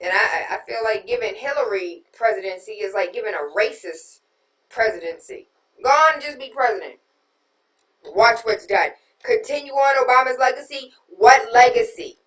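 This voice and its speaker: A woman hosts a casual political talk show, reading listener comments and ranting with exasperated emphasis. Her outbursts rise loud, then drop to hushed disbelief. She sits back from the mic in a roomy, echoing space. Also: fairly high pitch, moderate pace, distant mic.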